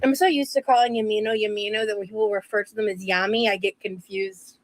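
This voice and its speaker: A woman with a mid-range voice talks casually, joking in a dry, offhand manner. Her remarks come loose and unhurried. A faint hiss runs beneath the recording. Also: mid-range voice, fairly even intonation, poor audio. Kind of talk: casual chat.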